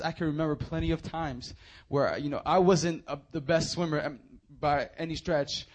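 A young man preaching a sermon, moving from hushed, earnest appeals to loud, animated storytelling. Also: a little high.

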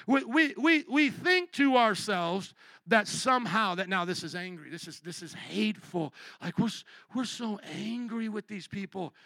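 A man's voice: high-pitched, lively intonation, normal speed, no echo. A man preaching a sermon, impassioned and emphatic, sometimes acting out voices of the people in his examples. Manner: impassioned, rising to loud emphatic peaks.

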